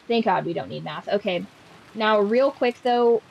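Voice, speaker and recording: A woman's voice: medium pitch, animated, unhurried, vocal fry, highs cut off. Sarcastic, swearing woman streamer. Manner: sarcastic, profane, joking. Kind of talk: casual game stream commentary.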